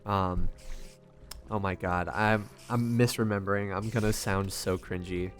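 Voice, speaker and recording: A young man with a fairly low voice rambles through casual gameplay commentary. He swears freely and pokes fun at himself as he goes. Faint game music plays underneath. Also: fairly even intonation, unhurried. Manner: rambling, self-deprecating, swears often. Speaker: gaming vlogger.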